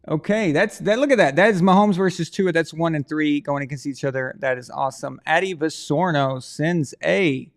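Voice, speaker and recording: A man's voice: fairly high pitch, normal speed, hardly any pauses. A man hosting a live stream, chatting casually and rambling to his viewers while he runs a prize draw.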